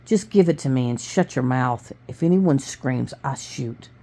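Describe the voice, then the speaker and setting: A woman doing a low, menacing mugger. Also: expressive, unhurried, gravelly, mellow, full character voice. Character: nervous, threatening male mugger.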